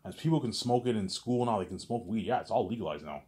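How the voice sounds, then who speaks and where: A man's voice: fairly low pitch, animated, fast, dark tone. Rambling man who stammers through a story. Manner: stammering repetitions, constant filler tags. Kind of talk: rambling casual storytelling monologue.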